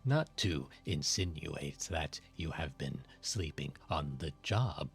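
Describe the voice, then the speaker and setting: Man putting on a sinister suited agent, very deep, dragged-out creepy pacing, soft and low, faint music behind. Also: expressive, gravelly, full character voice. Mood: ominous. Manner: drawn-out, oddly paced, deep and menacing delivery. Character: slow, sinister male suited government agent.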